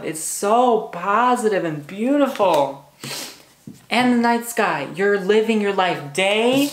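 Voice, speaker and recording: A man's voice: high-pitched, expressive, a little slow, reverberant, slight background noise. A man giving a pick-a-card tarot reading, bubbly and hyper, gushing and repeating words. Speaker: tarot reader.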